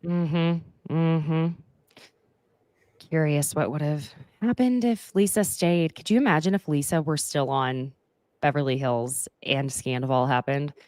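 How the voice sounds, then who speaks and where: A young woman hosting a casual recap chat, talking quickly with sarcastic asides and frequent laughs. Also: deep voice, fairly even intonation, darkish tone, no echo, clean studio sound. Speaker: podcast host.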